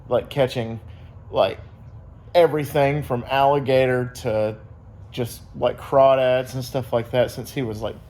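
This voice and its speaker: A man's voice: mid-range voice, fairly even intonation, measured pace, darkish tone. A young man casually vlogging to his viewers, rambling through a story with many fillers. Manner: rambling, upbeat, lots of fillers and quoted voices.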